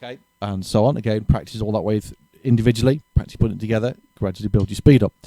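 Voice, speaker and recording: A man's voice: lowish voice, very fast, mellow, faint music behind. A man giving a casual drum lesson, thinking aloud and correcting himself as he explains exercises. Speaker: drum teacher.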